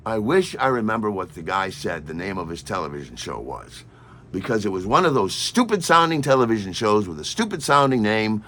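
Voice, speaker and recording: Brief: low-voiced male storyteller with a lively, swooping delivery and a wry, rambling humor. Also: moderate pace. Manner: animated, digressive, wry. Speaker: storyteller host.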